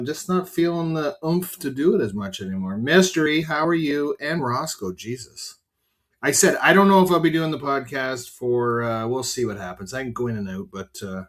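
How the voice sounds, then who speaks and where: Rambling, frank middle-aged farmer man. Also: mid-range voice. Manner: rambling, frank, swears casually, talks to viewers by name. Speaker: farmer and podcast host. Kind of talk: casual livestream chat.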